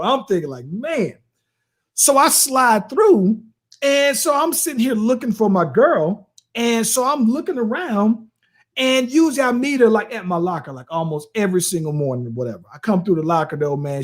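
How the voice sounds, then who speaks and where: A man in his late thirties, co-hosting a podcast and telling a story in an animated, slangy way, often tossing in "bro" and "right?". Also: high-pitched. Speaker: podcast co-host. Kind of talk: casual storytelling chat.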